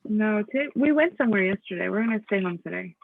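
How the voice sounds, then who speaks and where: A playful, giggly woman co-hosting a casual live chat and chatting with a friend. Her voice is a little husky. She comes through a thin, phone-like call line. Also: mid-range voice, animated, fast talker. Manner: playful, giggly, talks to her toddler mid-show. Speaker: co-host.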